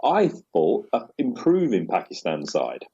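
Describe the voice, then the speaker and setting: Low, husky man chatting cricket. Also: wildly swooping pitch, measured pace, dark tone, lo-fi sound. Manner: chatty, laughs often, rolls through match scores. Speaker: podcast host. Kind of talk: casual cricket chat.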